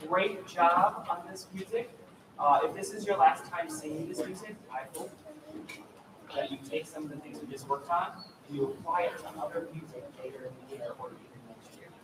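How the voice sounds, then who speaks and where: A man's voice: on the high side, normal speed. A man coaching a choir in rehearsal, upbeat and encouraging, demonstrating vocal sounds as he directs the singers. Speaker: choir clinician. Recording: echoey hall, distant mic, loud ambient noise.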